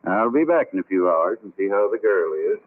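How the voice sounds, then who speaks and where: An actor playing a blunt, doubting old country doctor in a 1940s radio drama. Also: male voice, lowish voice, lively intonation, a little fast. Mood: suspicious. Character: gruff, suspicious old male country doctor. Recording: tinny old radio broadcast.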